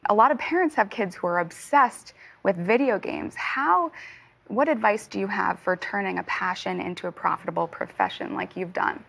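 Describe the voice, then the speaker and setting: A woman working as a TV contributor, presenting a feature and interviewing her guest in a bright, upbeat manner. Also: mid-range voice, normal speed, gravelly.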